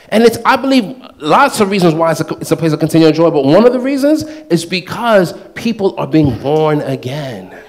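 High-pitched guy preaching, animated and playful, acts out little voices. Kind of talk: sermon.

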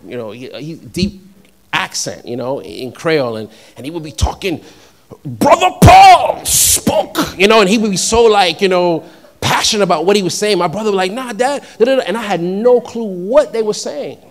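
Man preaching, swinging from quiet to loud. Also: fairly quick. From New York. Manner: conversational preaching that builds to loud, high emphatic peaks. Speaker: pastor. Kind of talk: sermon.

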